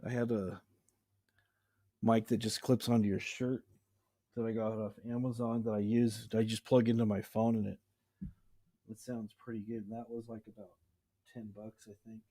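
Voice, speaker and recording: A man's voice: fairly low pitch, level tone, normal speed, long pauses, warm tone. A man casually showing off his home recording gear in a rambling, easygoing way. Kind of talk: casual show-and-tell chat. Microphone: webcam.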